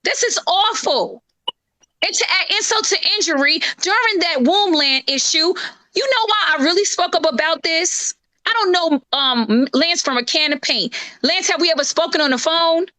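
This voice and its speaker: A woman's voice: very high-pitched, lively intonation, moderate pace, pushed and bright, no room sound. A woman co-hosting a live stream, talking in a fervent, lecturing way. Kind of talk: impassioned live-stream talk.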